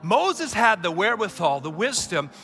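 A man's voice: high voice, very animated, moderate pace. A man preaching a sermon as pastor, emphatic and calling for responses from the congregation. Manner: emphatic, call-and-response preaching that builds to shouts. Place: church sanctuary. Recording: long hall reverb, faint music behind.

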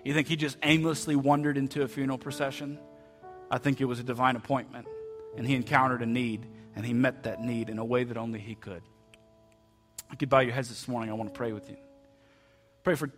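Male pastor mid-sermon in a church, heartfelt and halting, middle pitch, light music bed. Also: fairly even intonation. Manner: heartfelt, repeats words, soft quotes. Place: church sanctuary.

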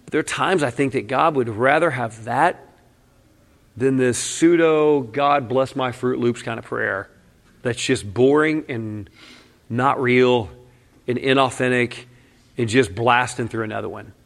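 A man's voice: mid-range voice, a little slow, vocal fry. Man preaching a casual sermon. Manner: casual, candid, peppered with "man" and short laughs. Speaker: pastor. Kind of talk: conversational sermon.

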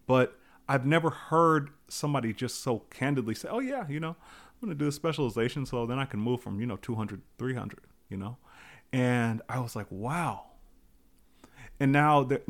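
Man musing in a rambling monologue. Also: fairly high pitch. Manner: thoughtful, rambling with restarts and asides. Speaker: podcast host. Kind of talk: reflective solo monologue.

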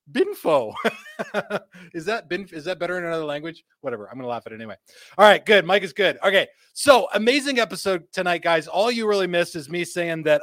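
Guy hosting a live cigar stream from his studio, bit higher voice, super dry close sound, jokey and upbeat. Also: fairly bright tone, dry recording. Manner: upbeat, joking, laughs often. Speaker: host. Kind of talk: live-stream chat, reading viewer comments. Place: home studio.

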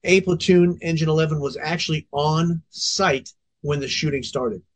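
A man's voice: on the high side, normal speed, slight background noise. Man, forties, fire officer, podcast guest, raised voice, intense, swears freely. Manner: intense, profanity-laced storytelling. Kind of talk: candid podcast storytelling.

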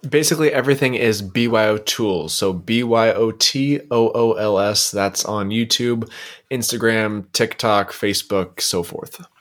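A man's voice: fairly low pitch, unhurried, fairly bright tone. Earnest man guesting on a podcast. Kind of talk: casual podcast chat.

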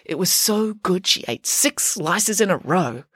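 A woman's voice: lowish voice, animated, measured pace, a bit bright, husky, no room sound, clean studio sound, full character voice. A woman voicing a confident, bossy female pig nanny who speaks in a matter-of-fact storytelling way. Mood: knowing, matter-of-fact.

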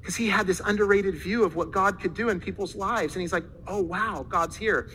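A man preaching a sermon in a high, bright voice, animated as he acts out the voices of the people in his story. Faint noise sits under the recording. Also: quick pace, low-quality recording. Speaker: pastor.

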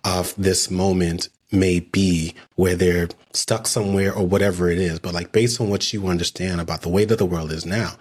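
Low-voiced guy cohosting a podcast, rambly questions, lots of ums, kinda playful. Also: steady tone, moderate pace, few pauses, slightly rough. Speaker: podcast co-host. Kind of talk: casual podcast interviewing.

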